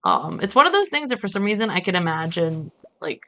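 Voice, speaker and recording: A woman's voice: lowish voice, very animated, brisk, pushed and bright. A woman from Brazil streaming a farming game, talking in a chatty, rambling way with casual swearing. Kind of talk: casual gaming stream commentary.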